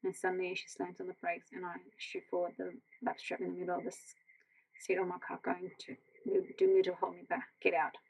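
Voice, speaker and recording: An Australian woman reading a novel aloud as a bedtime story, in a quiet, gentle voice that slips into whispers. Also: lowish voice, completely flat delivery, brisk, gravelly, poor audio. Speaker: audiobook reader.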